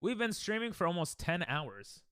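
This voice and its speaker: A man's voice: sits high, sing-song, moderate pace, a bit bright, clear, resonant tone, no echo, clean studio sound. A man streaming a speedrun, chatting casually and joking with chat, laughing often.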